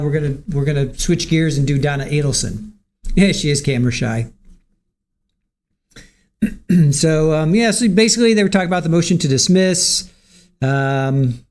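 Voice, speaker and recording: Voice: medium pitch, darkish tone. A livestream host wrapping up a show, chatty and rambling with many fillers. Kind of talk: casual livestream chat.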